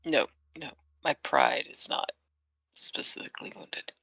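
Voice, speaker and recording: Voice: mid-range voice, huge pitch swings, a little slow, creaky, pushed and bright, husky, no room sound. A player in a tabletop game, talking casually and dropping wry, joking asides.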